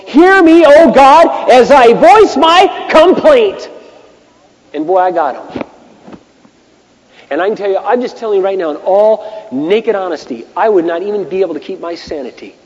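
A man preaching a sermon as pastor, impassioned, dropping to hushed asides and rising to shouted bursts. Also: high voice. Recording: muffled echoey hall.

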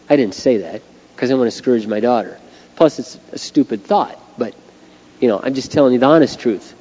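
A man's voice: mid-range voice, brisk, dark tone. A middle-aged man preaching a sermon as a pastor, earnest and conversational. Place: church sanctuary. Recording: lo-fi recording with long hall reverb.

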